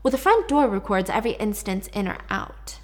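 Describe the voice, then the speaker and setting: A woman's voice: medium pitch, very animated, brisk, close to an everyday voice. A woman voicing a sly police detective who asks probing, knowing questions.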